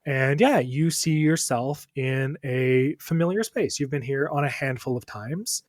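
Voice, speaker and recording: A man narrating as dungeon master, relaxed and conversational, with plenty of "uh" and "like". His voice sits mid-range for a man. The mic sounds close and dry. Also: medium pitch, a little slow, dry recording. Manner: relaxed, conversational, filler-heavy. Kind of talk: narrating a tabletop game.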